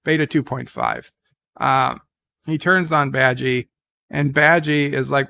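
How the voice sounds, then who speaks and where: Gravelly man rambling through a recap. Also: mid-range voice, very animated, slow, bright, forceful tone. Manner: rambling, with many fillers and restarts. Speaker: show reviewer. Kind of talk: casual recap of a TV episode.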